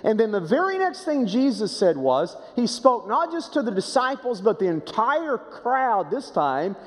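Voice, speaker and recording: Dramatic high-voiced preacher in a reverberant hall. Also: male voice, big pitch swings, measured pace. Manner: dramatic, swinging from hushed low phrases to raised emphatic ones; repeats rhetorical questions. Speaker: pastor. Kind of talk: sermon.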